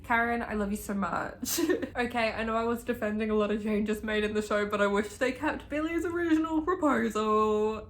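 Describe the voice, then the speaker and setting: A woman's voice: a little high, moderate pace. Gushing young woman vlogger. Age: young adult. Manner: gushing, chatty, swears freely. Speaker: book vlogger. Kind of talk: casual reading vlog chat.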